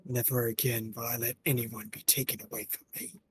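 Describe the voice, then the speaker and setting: A man's voice: medium pitch, level tone, a little fast, slightly rough, pitched below the performer's own voice. A man voicing a grave, determined male game character in fan voice-acting. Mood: resolute. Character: resolute man game character, vowing protection.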